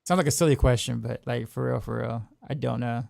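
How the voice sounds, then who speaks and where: A man streaming a game chats through his choices, repeating words and trailing off easily. His mid-pitched voice has a heavy gravel to it, recorded dry and close. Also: steady tone, brisk, a little mellow, dry recording. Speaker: game streamer and music teacher. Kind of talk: casual gameplay commentary.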